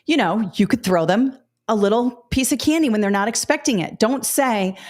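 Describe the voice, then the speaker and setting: A woman giving practical advice to new teachers in a webinar, in a lively storytelling way that acts out what she says to students. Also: a little high, normal speed.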